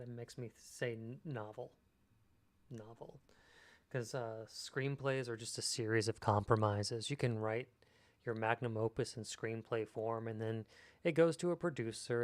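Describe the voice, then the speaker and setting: A man streaming his screenwriting work in casual chat, reading out viewers' messages and answering them thoughtfully. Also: mid-range voice. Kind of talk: casual livestream chat while writing.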